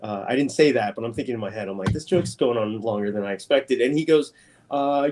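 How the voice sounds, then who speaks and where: A man chats in a casual interview as a guest artist. He tells his story with animation, jumping up in pitch when he quotes other people. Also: quick pace, darkish tone, slight background noise.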